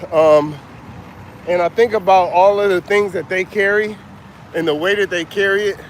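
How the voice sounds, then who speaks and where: A man's voice: high voice, steady tone, normal speed. A middle-aged man who is out of breath, talking casually on an outdoor livestream as a motivational coach and chatting with viewers by name. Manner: casual, reads out viewer names. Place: outdoors by a street. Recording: faint street noise outdoors. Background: traffic.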